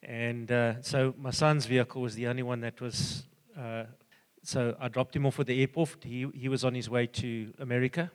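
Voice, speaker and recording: An older man giving an earnest, halting personal testimony full of fillers and restarts. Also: mid-range voice, fairly even intonation, in a large hall. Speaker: church member giving a testimony.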